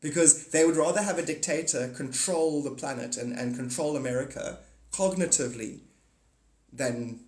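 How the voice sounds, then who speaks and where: A man ranting casually on a livestream, rambling and profane, swinging from mutters to excited outbursts. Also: on the high side, normal speed. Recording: echoey room.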